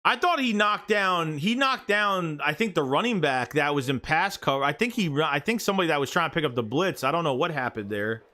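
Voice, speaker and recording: Streaming as a football fan, a man narrates the game live with plenty of profanity, erupting at poor plays. His pitch is on the high side, and he talks a little fast with hardly any pauses.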